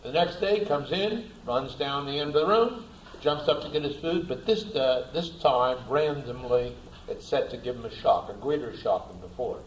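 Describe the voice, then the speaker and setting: A man giving a storytelling lecture in an animated way, repeating words for emphasis. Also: mid-range voice, moderate pace, echoey room, a little hiss or hum, poor audio. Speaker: speaker, lecturer.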